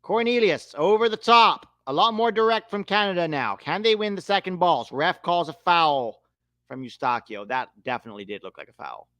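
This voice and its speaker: Young man, live match watch-along, lively swooping voice, close dry sound, swears when riled. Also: on the high side, moderate pace, no echo. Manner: animated, swears when riled, calls the play.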